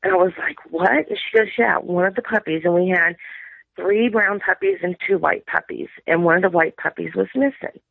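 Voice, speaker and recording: A woman's voice: on the low side, a little fast, gravelly, no echo. Middle-aged female caller on a phone line, rambling storyteller, quotes family in dialogue. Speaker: caller sharing an encounter. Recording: tinny dry phone line.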